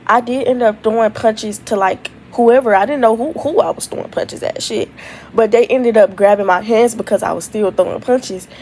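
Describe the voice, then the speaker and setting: Brief: young woman vlogger, lively storytime delivery, profane asides, sits a bit back from the mic with faint noise. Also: on the high side, normal speed, recorded from a distance, rough recording. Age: young adult. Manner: animated, swears freely, retells with many asides. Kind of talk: casual storytime.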